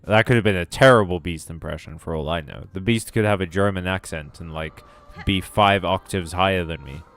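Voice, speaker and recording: A man's voice: low voice, fairly quick, a bit bright, no room sound. A man streaming a video game, chatting casually in a rambling, joking way with some swearing. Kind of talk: casual gaming stream chat.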